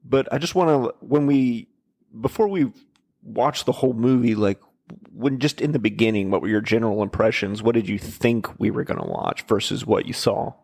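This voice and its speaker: A man hosting a podcast in relaxed casual chat, asking questions and sharing trivia. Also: on the low side, normal speed, vocal fry. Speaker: podcast host.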